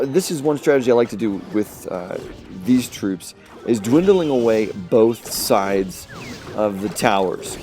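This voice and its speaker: Young guy commentating his game replays, warm low-key voice, bit of music playing underneath. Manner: excited play-by-play, trailing off quietly. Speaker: gaming video host. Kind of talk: casual gameplay commentary.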